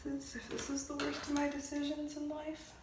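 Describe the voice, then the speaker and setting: A woman's voice: high voice, completely flat delivery, a little fast. Woman vlogger, casual chat, self-mocking with nervous laughter; echoey room, noisy background. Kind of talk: casual vlog chat to camera.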